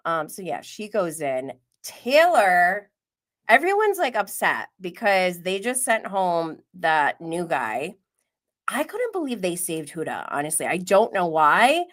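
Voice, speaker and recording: Woman host of a reality TV live stream: relaxed pace, gossipy, giggly, drops to a whisper at times. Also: fairly low pitch, a little slow. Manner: gossipy, chatty, drops to a whisper and laughs often. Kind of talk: casual live-stream commentary.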